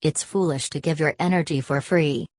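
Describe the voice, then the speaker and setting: Woman voicing a hushed ageless sorceress. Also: low voice, normal speed, dry recording, clean studio sound. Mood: hushed, mesmeric. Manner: soft, hushed, mesmeric delivery. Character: ageless mysterious sorceress woman, calm and mesmeric.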